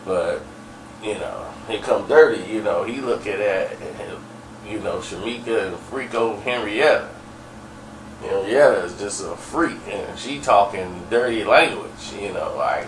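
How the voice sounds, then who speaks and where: A man's voice: lowish voice, expressive, a little slow, fairly bright tone, a little hiss or hum. Rambling man telling stories, roomy sound. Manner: rambling, laughing, full of fillers. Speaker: storyteller. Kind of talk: casual storytelling. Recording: echoey room, far from mic, faint ambience.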